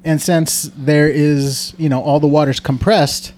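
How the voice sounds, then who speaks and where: Higher-voiced man rambling through an explanation. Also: flat delivery, measured pace, a little mellow, a little hiss or hum. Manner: rambling, hesitant, swearing. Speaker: podcast co-host. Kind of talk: casual chat.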